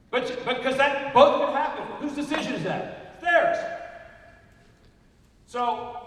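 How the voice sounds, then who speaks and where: A man's voice: very high voice, fairly bright tone. An older man giving an emphatic motivational speech to a live audience, punching and repeating key numbers. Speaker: motivational speaker. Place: large hall. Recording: echoey hall recorded from far off.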